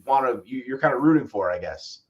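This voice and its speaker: A man's voice: medium pitch, lively intonation, brisk, a little mellow. A man co-hosting a live review show in casual chat, rambling and restarting his sentences as he thinks aloud.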